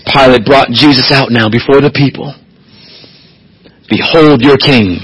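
A man's voice: medium pitch, unhurried, a bit bright, husky, low-quality recording. A man preaching an expository sermon as pastor, reading scripture and building to emphatic, rising swells.

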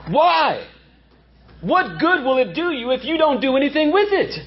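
A male pastor delivers an emphatic sermon, his high voice leaping around with wide swings of pitch. He repeats key lines to press them home. The recording is a bit dull and lo-fi, with faint noise underneath. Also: big pitch swings, normal speed.

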